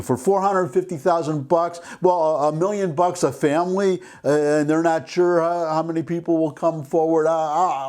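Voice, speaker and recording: Older guy ranting on his vlog, kinda high voice, indignant, stops and restarts a lot. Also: fairly even intonation, darkish tone. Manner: indignant, emphatic, with halting restarts. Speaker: vlog host. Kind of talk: opinion vlog reading an article aloud.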